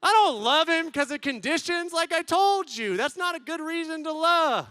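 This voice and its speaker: A man in his thirties telling funny stories to a conference crowd, acting out quotes and swinging from loud bursts to hushed tones. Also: very high voice, expressive, moderate pace, no room sound. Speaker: conference speaker. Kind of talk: comedic storytelling talk.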